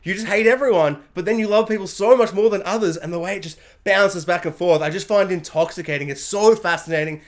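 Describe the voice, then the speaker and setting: Excitable high-voiced man gushing. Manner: excitable, gushing, mimics characters in quick bursts. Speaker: reviewer. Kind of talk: animated TV review rant.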